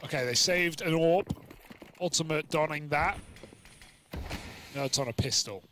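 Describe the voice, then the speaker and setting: Bright-voiced male esports commentator. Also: a little high, a little hiss or hum. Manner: quick, chatty, jokes with co-caster. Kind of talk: live match commentary.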